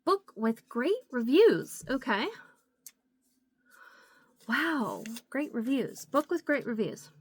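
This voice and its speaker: A young woman with a slightly high voice chats casually about her books as she carries the camera from room to room. She is bubbly and giggly, with lots of "like" in her talk. The sound is dry, with little room echo. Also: big pitch swings, slow pace, long pauses, husky. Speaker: book vlogger. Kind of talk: casual chat while walking around the house. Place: at home, moving between rooms.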